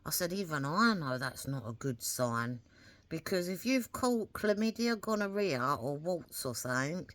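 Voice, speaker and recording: A woman's voice: sits low, fairly bright tone, no room sound. A woman, telling a story in a rambling, chatty way and acting out the things she said. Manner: rambling, chatty, acts out her own quoted words. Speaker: vlogger. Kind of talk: casual storytelling to camera.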